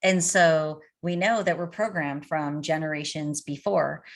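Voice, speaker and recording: A middle-aged woman coach answering interview questions in an animated way, telling anecdotes. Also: low-pitched, a little slow. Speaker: addiction coach.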